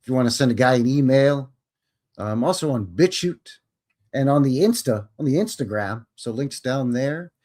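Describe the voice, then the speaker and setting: Folksy, lively-voiced man hosting a stream. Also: medium pitch, normal speed. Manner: rambling, chuckling, folksy. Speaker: live stream host. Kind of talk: casual live stream chat answering viewers.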